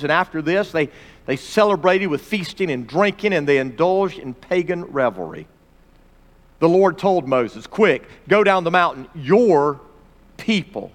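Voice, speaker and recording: A man's voice: high-pitched, fairly bright tone. Preacher man in a reverberant hall. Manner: dramatic scripture reading with pauses and asides. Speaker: Bible teacher. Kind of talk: expository sermon reading scripture. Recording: long reverb of a large hall.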